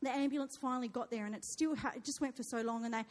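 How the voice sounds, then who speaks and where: A woman's voice: on the high side, very fast. A woman, telling a dramatic personal story to an audience and acting out her own panicked cries. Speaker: speaker sharing a testimony. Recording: long hall reverb.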